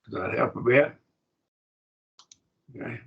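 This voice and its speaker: A man lectures to a class at an unhurried pace, his voice gravelly and husky, patiently repeating phrases as he walks through each point. The sound has a bright edge, but the recording is dull and lo-fi, and he seems to be in a classroom. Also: medium pitch. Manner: patient, repeats words while explaining. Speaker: Bible class teacher.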